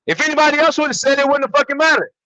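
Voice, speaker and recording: A man's voice: very high voice, sharp tone, no room sound, lo-fi sound. A man co-hosting a basketball podcast, ranting angrily with constant profanity. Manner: angry, profane, fast ranting. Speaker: podcast co-host. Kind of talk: heated podcast rant.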